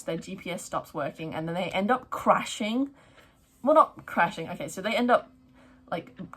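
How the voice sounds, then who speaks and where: A young woman chatting excitedly about her month of reading on her book vlog, with lots of fillers. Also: fairly low pitch, slightly rough. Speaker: book vlogger. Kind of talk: casual reading wrap-up chat. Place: at home, neighbour's garden noise outside.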